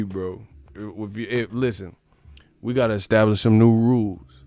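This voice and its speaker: A man's voice: fairly low pitch, moderate pace, a little mellow, no room sound. A man hosting a live stream, giving crude, mocking commentary as he reacts to chat and often breaks into laughter.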